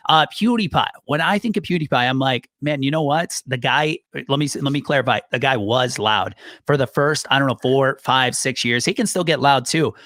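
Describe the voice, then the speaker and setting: A man's voice: mid-range voice, fairly quick, hardly any pauses, a bit bright, no echo, studio quality. A man co-hosting a casual podcast chat, talking animatedly with lots of fillers and restarts. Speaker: co-host.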